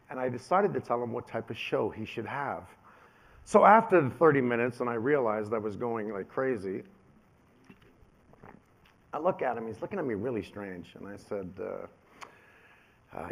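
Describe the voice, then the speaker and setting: Male keynote speaker, 50s, lively storyteller, casual and conversational. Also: mid-range voice, moderate pace. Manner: animated storyteller, acts out quoted voices.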